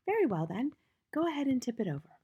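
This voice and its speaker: A woman reading the part of a gentle, kind young schoolteacher who speaks softly, often close to a whisper, as an audiobook character. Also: high voice, very animated, fast, slightly rough, voice pushed up, full character voice. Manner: soft-spoken, gentle, often near a whisper.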